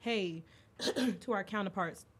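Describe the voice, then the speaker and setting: Young woman podcast host, candid storytelling, casual chat, mid pitch. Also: takes it slowly, breathy edge. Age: young adult. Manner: candid storytelling, animated when acting out quotes.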